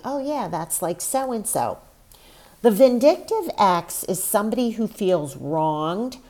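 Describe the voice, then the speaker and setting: A woman's voice: mid-range voice, darkish tone. A woman hosting her own podcast, talking on her own in a candid, chatty, emotional way. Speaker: podcast host. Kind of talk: solo podcast monologue.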